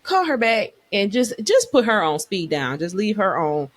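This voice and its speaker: A woman's voice: medium pitch, normal speed. A woman co-hosting a podcast, chatting casually and with slang about a reality show, often acting out what the cast said. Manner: animated, slangy, acts out quotes. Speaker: podcast co-host. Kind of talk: casual reality TV recap chat.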